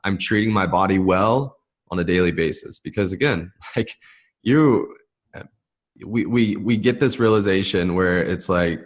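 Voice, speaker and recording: A man hosting a casual interview, talking in a relaxed, rambling way with many restarts. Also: low voice, unhurried. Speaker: podcast host, nutrition coach.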